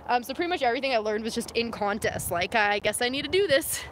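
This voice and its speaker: A woman's voice: on the high side, expressive, quick pace, few pauses. A young woman from San Francisco live-streaming outdoors, chatting casually and reading viewer comments aloud. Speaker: vlogger reading live chat. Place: outdoors in the wilderness. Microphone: phone camera. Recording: faint outdoor noise.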